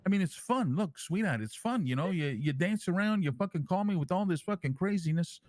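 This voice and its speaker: Quick and high-voiced, this man is captured on a dry recording. He takes on the role of a crude, brash crime-family boss who calls himself king in an online role-play, rambling and boasting through his stories. He curses nonstop and sounds lively and animated.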